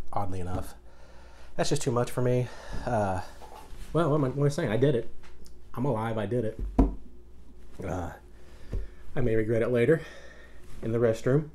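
A middle-aged man with a fairly low voice talks casually through the burn of a hot pepper. He sounds strained and slurs a little, with groans and sighs between his words. A faint hiss of noise sits behind him. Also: a little mellow. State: strained from pepper heat, slurring slightly. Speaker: vlogger eating hot peppers. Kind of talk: casual vlog.

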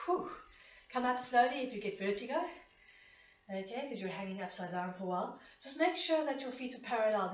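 A woman leading a pilates class, counting reps and a bit out of breath as she exercises along. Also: medium pitch. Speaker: pilates instructor. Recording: echoey room, distant dull mic.

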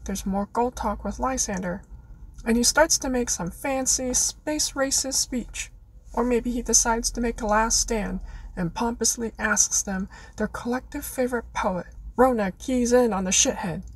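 A woman's voice: on the high side, measured pace, slightly rough, low-quality recording. A woman reading out her prepared fan essay in an earnest way, with playful dramatic flourishes. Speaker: listener contributor.

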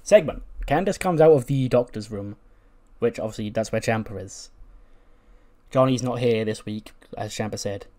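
A man's voice: lowish voice, normal speed, dark tone. A man giving casual commentary over a wrestling sim playthrough, chatty and laughing, acting out the characters' lines. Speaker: gaming YouTuber.

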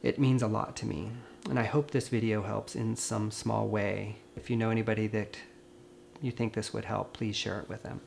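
A grieving man, a veterinarian, speaks to camera in a gentle, earnest and consoling way. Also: fairly low pitch, flat delivery, normal speed, vocal fry, a little hiss or hum. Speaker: veterinarian and video host. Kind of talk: personal vlog talk to camera.

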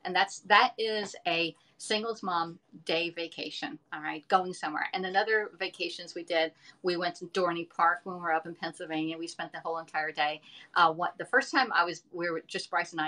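A woman's voice: on the low side, pushed and bright. A middle-aged woman in casual live-stream chat, rambling and chatty as she talks to viewers from her home kitchen.

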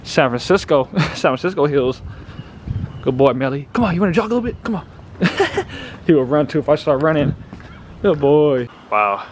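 A man with a fairly high voice talks casually to the camera on a handheld phone while out walking. He keeps slipping into sing-song coaxing baby talk with his dog and laughs often. Faint outdoor ambience sits under his voice. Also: big pitch swings, moderate pace, long pauses, a little hiss or hum. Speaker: vlogger. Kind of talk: casual vlog narration. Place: outdoors in a city park and streets.

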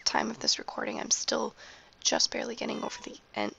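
A young woman quietly commentating a game late at night, half-whispering, with a hoarse voice and coughs. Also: a little high, big pitch swings, brisk, lo-fi sound. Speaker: gameplay commentator.

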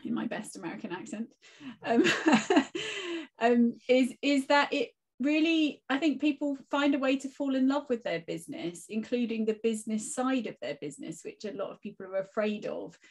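A woman's voice: on the high side, expressive, moderate pace. Woman giving reflective, encouraging advice. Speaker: guest teacher and author. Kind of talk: casual conversational interview.

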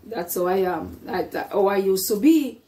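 A woman's voice: medium pitch, expressive, moderate pace, dark tone. A middle-aged woman shares her story in a casual vlog. She speaks earnestly, often repeats words, and brings in her faith. Her voice sounds a little distant from the microphone. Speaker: vlogger.

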